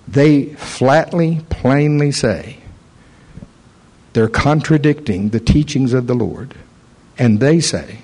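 A man's voice: mid-range voice, slightly rough, low-quality recording. A man preaching a sermon, telling a story and acting out the voices in it. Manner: animated storyteller, acts out voices.

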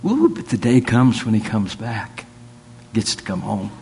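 A man's voice: fairly low pitch, big pitch swings, a little slow, creaky, mellow, slight background noise. A man preaching, telling folksy stories and rising to fervent declarations. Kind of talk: sermon with folksy storytelling.

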